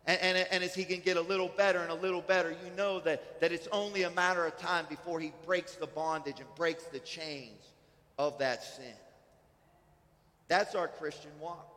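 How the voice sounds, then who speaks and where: Earnest high-voiced male pastor preaching. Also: steady tone, moderate pace, a bit bright. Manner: earnest, repetitive restarts, conversational preaching. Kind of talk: sermon. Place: church. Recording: reverberant church hall.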